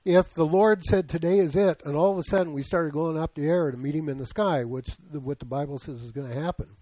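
A man's voice: fairly high pitch, fairly quick, mellow, no room sound, low-quality recording. A man in his seventies preaching a sermon in a conversational way, often putting questions to the congregation. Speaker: pastor.

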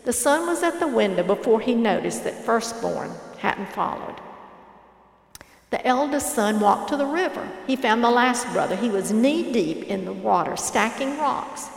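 A woman reads a parable in a measured, earnest way. Her voice sits a little high with a gravelly rasp. It rings out in a large hall with a long reverb. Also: expressive. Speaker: storyteller. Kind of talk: reading a parable aloud.

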